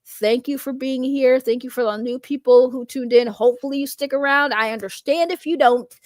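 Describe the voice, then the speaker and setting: A woman livestreamer from outside the US chatting casually with her viewers, joking around and trailing off into quiet asides. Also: high-pitched, fairly quick, no echo, clean studio sound. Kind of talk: casual stream chat.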